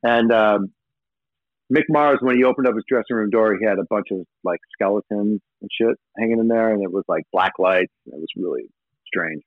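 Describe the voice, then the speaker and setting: Through a dry, tinny, phone-quality line, a male rocker with a lowish voice talks at a brisk clip. He's a guest in a casual interview, rambling through profane stories and performing the quotes himself.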